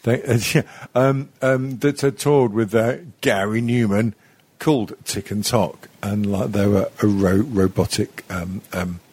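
A man's voice: on the low side, steady tone, unhurried, darkish tone, slightly rough, dry recording. A middle-aged man with a crude, rambling, mocking way of talking in a casual chat, swearing often and laughing as he goes.

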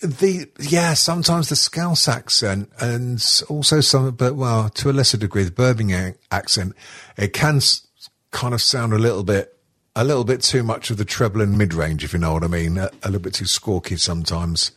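A lower-voiced man with a husky edge rambles through casual chat, swearing freely and laughing as he goes. The sound is dry and close, with no room around it. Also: normal speed, fairly bright tone, no room sound. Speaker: podcast host.

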